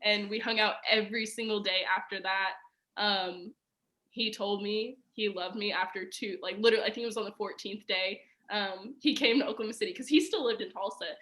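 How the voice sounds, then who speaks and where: A woman's voice: mid-range voice, steady tone, a little fast, pushed and bright. A young woman telling a personal story as a podcast guest, chatty and casual, full of "like" and fillers. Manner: chatty, filler-heavy with frequent "like" and laughs.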